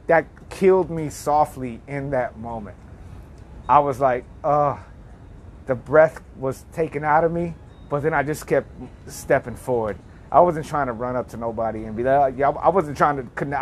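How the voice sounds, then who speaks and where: A man telling a personal story in a loose, wandering way. He stops and restarts often and reflects out loud as he goes. His voice sits at an ordinary pitch, with a faint hiss of noise in the background. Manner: rambling and reflective, with many restarts and "like".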